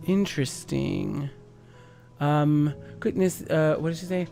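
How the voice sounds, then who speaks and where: A man's voice: a little high, animated, slow, creaky, mellow, soft background music. A tipsy man chatting casually while streaming a game, rambling with lots of fillers.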